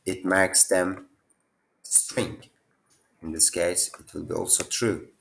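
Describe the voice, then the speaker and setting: A man's voice: low voice, level tone, slow, vocal fry, fairly bright tone, slight background noise. A young man with non-native phrasing, casually talking through programming quiz answers at his computer. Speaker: programming teacher. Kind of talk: casual screen-share tutorial.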